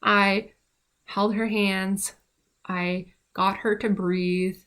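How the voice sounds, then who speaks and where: A woman's voice: mid-range voice, flat delivery, very slow, a bit bright, smooth. A young woman casually telling a rambling personal story about her midwifery training, with many fillers and restarts.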